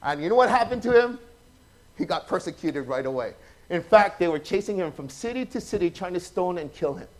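Chatty, animated high-voiced male preacher. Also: a little fast. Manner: chatty, animated, acts out quotes, asks the audience questions. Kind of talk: informal sermon storytelling.

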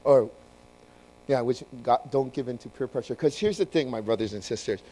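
A man preaching a sermon to his congregation, telling the story in an animated way and acting out the voices. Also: mid-range voice, normal speed, rough recording. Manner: addresses congregation directly. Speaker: pastor.

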